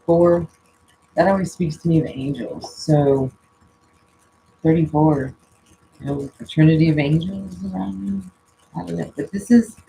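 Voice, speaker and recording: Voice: mid-range voice, a little slow, vocal fry, pauses often, mellow, slight background noise, low-quality recording. A spiritual coach giving a casual oracle card reading and prayer at home, musing aloud and often trailing off mid-thought.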